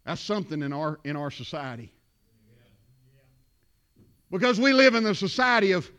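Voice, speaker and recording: A man preaching a sermon, reading scripture and swinging from soft, low asides up to shouted emphatic peaks. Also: very animated, moderate pace, pauses often, clean tone. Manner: builds to shouted emphatic climaxes, then drops low and soft; reads scripture aloud in King James wording. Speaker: pastor.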